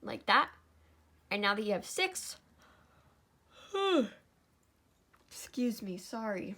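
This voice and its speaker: Slow, sleepy young woman teaching a craft. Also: medium pitch, sing-song, pushed and bright. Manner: sleepy, yawning and apologetic. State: tired, yawning. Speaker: crafting tutorial host. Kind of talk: step-by-step craft tutorial.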